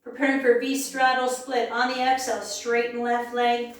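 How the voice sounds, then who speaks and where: A woman leading a yoga class with calm, encouraging cues, sometimes losing her voice. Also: fairly high pitch, normal speed. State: clearing her throat, losing her voice. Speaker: yoga instructor. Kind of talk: guided yoga class instruction. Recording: very echoey room, voice from far off.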